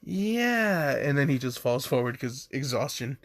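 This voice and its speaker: A man's voice: mid-range voice, little pitch movement, normal speed, dry recording, clean studio sound. A young man casually telling a fan story, rambling with lots of "like" and jumping into quoted voices.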